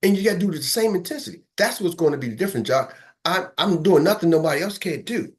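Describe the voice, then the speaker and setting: High-voiced emphatic man coaching. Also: lively intonation, fast. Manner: streetwise, emphatic, repeats for rhythm; acts out phone calls. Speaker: business coach. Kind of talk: motivational talk.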